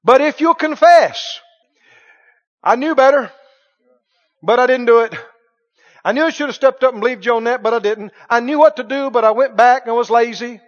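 A man preaching a lively sermon, dropping to hushed asides and rising to shouts. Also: extremely high pitch, normal speed, long pauses, muffled recording.

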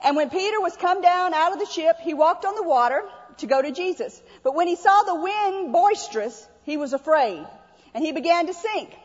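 A woman's voice: very high-pitched, animated, moderate pace, in a large hall, muffled recording. A woman pastor, preaching a sermon in a folksy, repetitive way with acted-out asides.

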